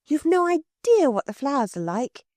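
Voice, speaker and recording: A woman's voice: high voice, sing-song, moderate pace, darkish tone, no echo, voice pushed up. A woman voicing a kind, eager young girl who speaks sympathetically.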